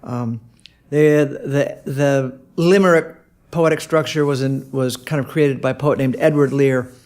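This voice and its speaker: A man giving a casual video lesson on songwriting, halting with many fillers and sounding out rhythms as syllables. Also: medium pitch, steady tone, darkish tone. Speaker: songwriting teacher.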